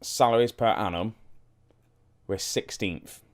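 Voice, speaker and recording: A young man with a very deep voice talks his viewers through a football management game. He rambles and thinks aloud in an easy, chatty way, asking them questions as he clicks through menus. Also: slow. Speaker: gaming YouTuber. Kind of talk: casual let's-play commentary.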